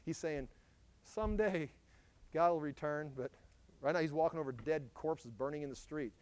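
A pastor preaching an expository sermon, animated and emphatic, his voice swelling when he stresses a point. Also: fairly high pitch, a little fast, dry recording.

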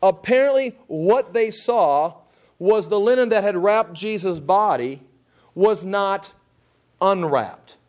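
A man with a notably high-pitched voice teaches from scripture in a relaxed, conversational way. He retells the story in his own words, restarting sentences and briefly acting out what the people said. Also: takes it slowly. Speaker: preacher teaching the Bible.

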